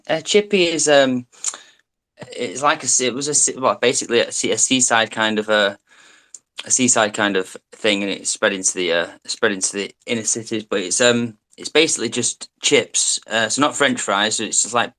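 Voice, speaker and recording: A man's voice: lowish voice, moderate pace, sharp tone. A man from the United Kingdom with a British accent, rambling through casual explanations in an online group chat, with many restarts. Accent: British English.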